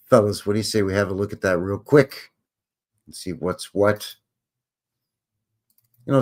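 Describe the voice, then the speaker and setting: A man's voice: lowish voice, darkish tone. A man hosting a live stream, talking casually over old photos with joking, rambling, wry asides. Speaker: livestream host.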